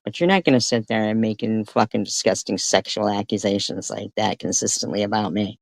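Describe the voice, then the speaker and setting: A woman's voice: very deep voice, steady tone, normal speed, creaky, no room sound. Profane, furious woman livestreamer. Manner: profane, confrontational, swears constantly. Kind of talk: angry livestream rant.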